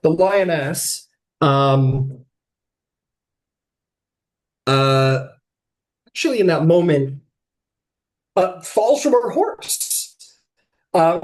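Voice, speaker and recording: A man narrating as game master of a tabletop game, telling the scene in a lively, rambling way full of fillers. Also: fairly high pitch.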